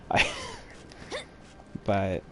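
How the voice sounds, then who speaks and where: A man on a live stream telling profane, animated stories about trouble at work. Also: extremely slow. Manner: profane, animated storytelling with acted quotes. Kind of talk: casual chat while gaming. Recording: noisy stream audio.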